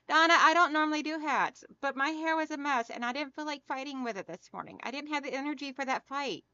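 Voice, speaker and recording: A woman's voice: high-pitched, quick pace, few pauses, pushed and bright, no room sound, dull audio. A middle-aged woman hosting a hand-quilting livestream, chatting casually and greeting viewers by name, calling them hon and girl. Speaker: craft channel host.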